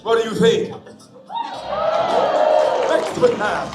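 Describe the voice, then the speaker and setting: Grand playful troupe leader, high voice, slow deliberate delivery, echoey, music behind. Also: male voice. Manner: grand, theatrical, leading crowd chants. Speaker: live show performer. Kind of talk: live theme park show. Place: outdoor theme park stage. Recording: roomy space with music.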